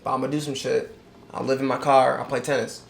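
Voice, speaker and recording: A man voicing a cocky, loyal young male tennis player, speaking in a crude, mumbled, low-key way. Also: level tone, quick pace, vocal fry, background noise, natural voice. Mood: brash.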